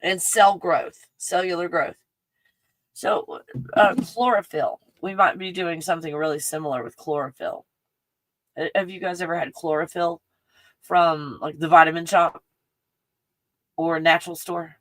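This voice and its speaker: Rambling, excitable Texan woman. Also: on the low side, a little slow, pauses often, no echo. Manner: excitable, chatty, full of "like" fillers. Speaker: livestream host. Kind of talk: rambling casual livestream chat. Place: home in the mountains.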